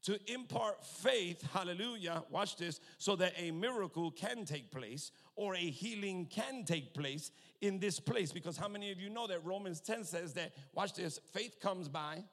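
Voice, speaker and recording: Hallelujah-filled preacher in a reverberant church. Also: male voice, high-pitched, animated, normal speed, hardly any pauses. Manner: call-and-response preaching, frequent hallelujahs, swells to loud emphasis. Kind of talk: sermon. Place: church sanctuary with long reverb. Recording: long reverb of a church hall.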